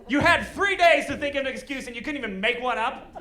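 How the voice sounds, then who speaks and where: A man doing a stand-up comedy set on stage, animated and breaking into shouted punchlines. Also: very high-pitched, fast. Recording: live show with audience laughter. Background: crowd laughing.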